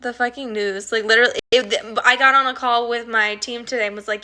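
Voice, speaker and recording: A woman's voice: fairly high pitch, steady tone, fairly quick, few pauses, sharp tone. A woman musician chatting casually on a livestream, rambling through a story, swearing freely and laughing as she reads viewer comments.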